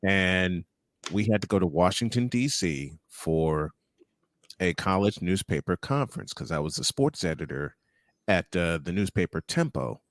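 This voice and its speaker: A male podcast host telling an animated personal story with frequent laughs and quoted inner thoughts. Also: low-pitched, a little slow, no echo. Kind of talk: casual interview chat.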